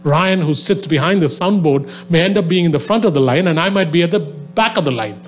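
Fervent man preaching, higher-pitched voice. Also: lively intonation, fairly quick, faint music behind. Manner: conversational storytelling with many fillers, rising to fervent exhortation. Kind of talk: sermon to a live audience. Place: venue with a soundboard.

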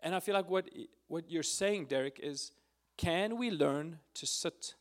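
A man giving an earnest, emotional testimony at a prayer meeting, sometimes close to tears and pausing with fillers. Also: fairly high pitch. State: tearful at times.

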